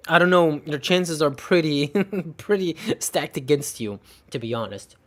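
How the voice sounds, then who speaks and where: A man's voice: fairly high pitch, unhurried, fairly bright tone. A young man streaming, chatting casually and sarcastically while opening game cases, rambling with frequent little laughs.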